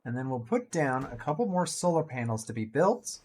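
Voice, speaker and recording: Man, gaming commentary, casual, jokey, very animated pitch. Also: moderate pace, slight background noise. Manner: chatty, playful, jokey asides. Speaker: gaming video creator. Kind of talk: casual let's-play commentary.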